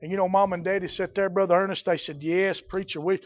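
A middle-aged man preaching a fiery sermon as a pastor, rising to shouts at his peaks. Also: high voice, flat delivery, very fast. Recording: dull lo-fi recording.

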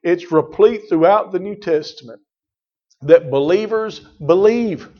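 A man's voice: high voice, a little slow. Emphatic preacher man, muffled recording. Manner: emphatic, repeats phrases, addresses congregation by name. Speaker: pastor. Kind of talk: sermon.

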